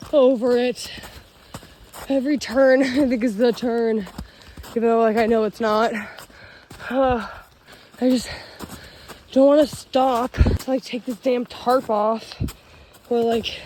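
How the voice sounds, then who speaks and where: A woman's voice: a little high, warm tone, a little hiss or hum. A young woman vlogging alone on a forest trail, tired, frustrated and close to tears, swearing and laughing it off. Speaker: solo backpacking vlogger. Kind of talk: casual vlog narration while hiking.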